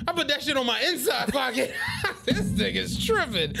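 An American man with a high, swooping voice, co-hosting a podcast in loose, profane banter. He tells stories and acts out what people said to him. His pitch jumps all over the place as he talks. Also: normal speed, gravelly. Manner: animated storyteller, acts out quotes. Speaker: podcast co-host. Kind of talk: casual chat.

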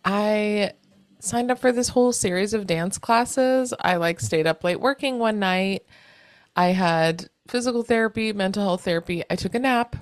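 A woman co-hosting a podcast, chatting casually and telling an animated story with plenty of swearing. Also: medium pitch, normal speed, dry recording. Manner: acts out others' lines in quoted voices. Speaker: podcast co-host. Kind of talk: casual chat.

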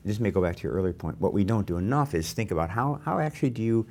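Host: older man with a very low voice, animated and anecdotal, pokes fun at himself. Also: very fast. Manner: animated, anecdotal, self-deprecating. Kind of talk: conversational interview.

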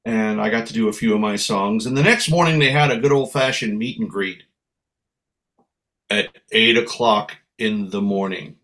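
A man from San Francisco, a guest musician telling lively anecdotes in a casual interview. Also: fairly low pitch, moderate pace. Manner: lively storyteller, acts out voices.

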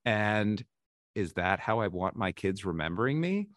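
A man in his forties with a low voice, speaking as a podcast guest in a dry room with little reverb. He tells candid, self-deprecating stories and often stops and restarts his sentences. The talk is loose and conversational. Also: big pitch swings, measured pace, a bit bright. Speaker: podcast guest, baseball insider. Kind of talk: casual interview storytelling.

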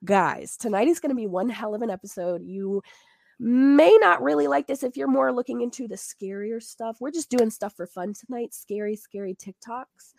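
A woman co-hosting a casual podcast, hoarse-voiced, animated and swearing freely. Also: on the high side, normal speed, no room sound. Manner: animated, swearing, laughing a lot. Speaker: podcast co-host.

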